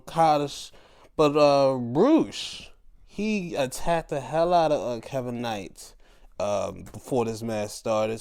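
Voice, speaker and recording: A man hosting a laid-back sports and wrestling recap, his voice swinging up and down with lively, animated pitch. He talks at an unhurried, drawn-out pace, playful and loose, now and then jumping into high mocking voices. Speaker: podcast host.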